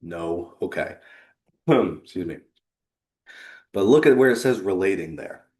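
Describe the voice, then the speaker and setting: A man giving an earnest, conversational presentation on a video call, pausing for effect. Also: deep voice, lively intonation, a little mellow, roomy sound. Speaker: leadership consultant and presenter. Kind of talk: presentation to a remote audience.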